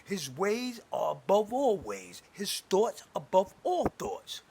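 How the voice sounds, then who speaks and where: A man delivering an angry, preachy religious rant to camera, cursing and swinging between booming declarations and muttered asides. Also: huge pitch swings, slow, gravelly, mellow, slight background noise. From United States. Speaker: self-styled prophet posting online videos.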